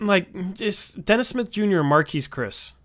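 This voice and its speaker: A man co-hosting a casual sports podcast, arguing his opinions at length with quick asides. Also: high-pitched, expressive, a bit bright. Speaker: podcast co-host.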